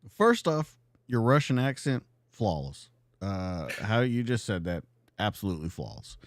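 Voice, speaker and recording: A man's voice: lowish voice, very animated, measured pace, dry recording. A man hosting a live podcast, asking long, winding questions of his guest. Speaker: podcast host.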